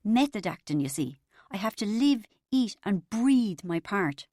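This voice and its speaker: A woman voicing a middle-aged father who talks in a slow put-on cowboy drawl. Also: mid-range voice, very animated, darkish tone, no echo, studio quality. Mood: earnest.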